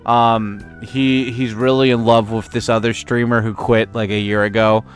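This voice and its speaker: A man's voice: on the low side, little pitch movement, normal speed, faint music behind. A young man, a game streamer, chatting crudely and rambling with his chat while playing. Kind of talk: casual livestream gaming commentary.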